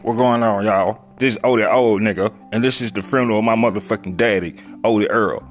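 A man voicing a brash older man, loudly addressing a funeral crowd. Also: lowish voice, steady tone, fairly quick, soft background music, natural voice. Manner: loud, brash, cursing. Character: loud older man hosting his father's funeral. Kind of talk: comedy skit voices.

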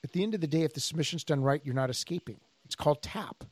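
A man with a voice pitched somewhat high talks casually on a podcast, a jiu-jitsu instructor working through his points with stories. He plays out both sides of old conversations as he goes. The sound is close and dry. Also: fast talker, no room sound. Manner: animated storyteller, acts out quoted dialogue.

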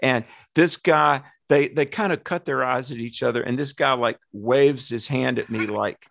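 A pastor in his fifties gives an earnest, animated personal testimony in conversation. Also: medium pitch, moderate pace, creaky, no room sound.

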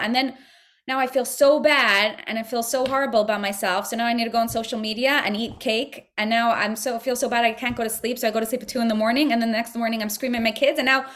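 A woman's voice: steady tone, fast, a bit bright. A young adult woman hosting a podcast, giving an earnest spiritual teaching talk and acting out pleading voices. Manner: earnest, acts out pleading voices in higher pitch. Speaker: podcast host.

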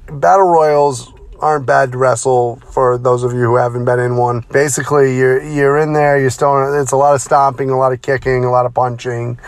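A middle-aged former wrestler tells stories in a brisk, casual, self-deprecating way. His voice sits at a medium pitch with a dry, close sound. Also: no room sound. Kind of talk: casual storytelling.

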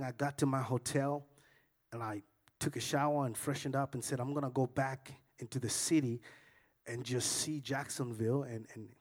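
A man preaching a sermon in church, telling a story in a lively way that climbs to loud, excited peaks. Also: medium pitch. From Africa.

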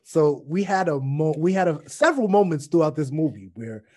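A man's voice: fairly high pitch, no echo. Guy co-host talking movies, laid back, trips over his words, dry close mic. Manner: relaxed, halting, restarts often, slangy. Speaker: podcast co-host. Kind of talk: casual movie review chat.

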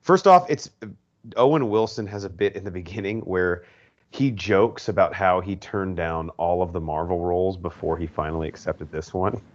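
A man's voice: deep voice, fairly even intonation, normal speed, darkish tone, dull audio. A man hosting a podcast, chatting enthusiastically in a casual way with frequent fillers. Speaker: podcast host. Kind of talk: casual chat.

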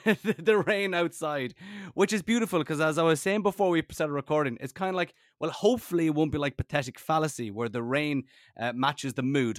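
A man chatting casually on a podcast as a guest, a lively, jokey storyteller. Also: on the high side, no echo, studio quality. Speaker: radio presenter guest.

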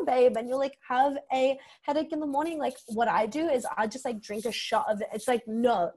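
A young Australian woman, a comedian, telling a candid comic story on a podcast and acting out the quotes. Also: medium pitch. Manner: animated, swings into acted-out quotes.

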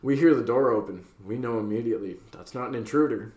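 Fast and darkish in tone, a mid-range male voice belongs to a podcast co-host from western Canada. The young man tells a rowdy story casually, with free swearing and laughter, recorded in an echoey space.

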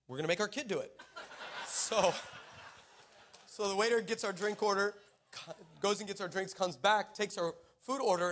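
A pastor preaching with lively personal stories, laughing as he tells them. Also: sits high, a little hiss or hum. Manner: animated storyteller, laughing, acting out quotes. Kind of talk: sermon with personal storytelling.

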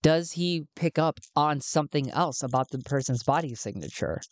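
A woman's voice: deep voice, moderate pace, a little mellow, dry recording. A woman narrating a solo tabletop game, thinking aloud as she rolls dice.

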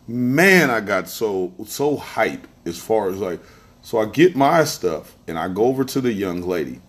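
A man's voice: on the low side, animated, measured pace. A man hosting a podcast, telling a story in a casual monologue, emphatic and repeating phrases as he speaks straight to listeners. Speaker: podcast host.

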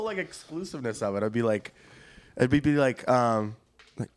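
A man's voice: mid-range voice, expressive, normal speed, no room sound. A young man, a band frontman guesting on a podcast, chatting casually and rambling with lots of fillers. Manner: laid-back, rambling with many fillers. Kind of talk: casual chat.

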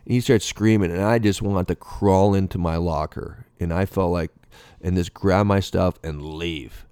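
A man's voice: deep voice, fairly even intonation, normal speed, mellow, clear, resonant tone, no echo. A middle-aged man, a former professional baseball player, tells a rambling story, acting out dialogue and breaking off mid-sentence. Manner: rambling, acts out dialogue, self-interrupting. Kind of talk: anecdotal storytelling.

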